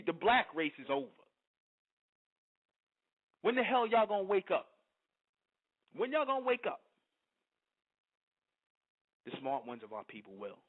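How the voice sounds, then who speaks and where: A middle-aged man, hosting an internet radio show and preaching in a fiery monologue that keeps asking "you understand?". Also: on the high side. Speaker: radio host. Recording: tinny phone-line audio.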